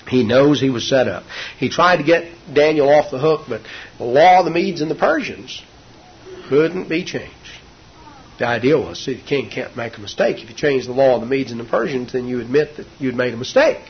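A man's voice: mid-range voice, animated, normal speed, slight background noise. A male preacher telling a scripture story in a sermon, with a folksy, homely storytelling manner. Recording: dull lo-fi recording.

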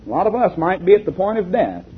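A man's voice: high-pitched, big pitch swings, quick pace, a little hiss or hum. A man preaching a sermon, reading a story aloud and asking the congregation rhetorical questions. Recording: lo-fi tinny recording.

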